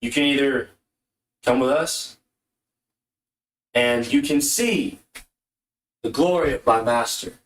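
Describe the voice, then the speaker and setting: A solemn Goliath cultist envoy, as a man puts him on, delivering formal, ominous speeches at a steady middle pitch. The sound carries a roomy echo. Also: takes it slowly, long pauses. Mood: menacing.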